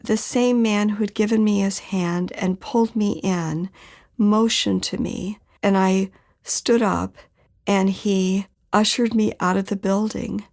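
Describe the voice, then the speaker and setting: A woman's voice: mid-range voice, steady tone, slow, darkish tone. A middle-aged woman earnestly recounting a personal ordeal, acting out the people she met as she tells it. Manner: earnest, emotional retelling with quoted dialogue. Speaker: interviewee recounting her story. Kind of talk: personal storytelling.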